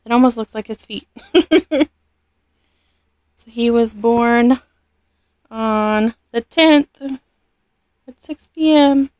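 A woman vlogging an unboxing, gushing and halting, often losing her words. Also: on the high side, a little mellow, no echo. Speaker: vlogger unboxing a reborn doll. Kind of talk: casual unboxing vlog.

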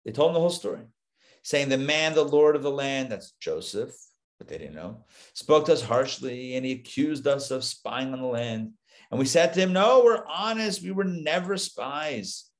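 A man, a rabbi, teaching a live Torah class, retelling the story with lively asides and acted-out lines. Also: mid-range voice, normal speed. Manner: animated storytelling, acts out the biblical lines, chatty asides.

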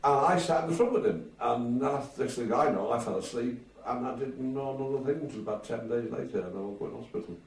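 A man's voice: mid-range voice, fast talker, hardly any pauses. An older man from Merseyside, a retired drummer, telling stories in a casual interview and acting out the voices of people he quotes, with frequent swearing. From Merseyside, England. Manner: lively storyteller who acts out quoted voices and swears freely. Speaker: retired drummer and band agent. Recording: echoey room from far off with faint hiss.

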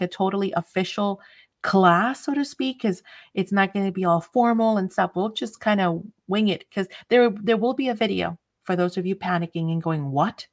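Woman host, casual live craft chat, rambling and friendly-scattered, mid pitch. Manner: chatty and scattered, frequent laughs.

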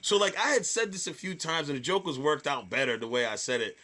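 A man in his thirties, a stand-up comedian, telling a story in a casual, animated way, often swearing and repeating words. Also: on the high side, fast. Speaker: stand-up comedian, podcast guest.

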